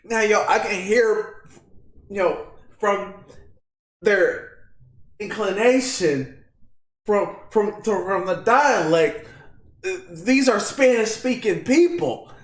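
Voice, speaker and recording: A man's voice: sits high, animated, takes it slowly, pauses often, reverberant. A man with a Texan accent hosting casual political commentary, slangy and mocking, often laughing at his own jokes. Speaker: commentary channel host.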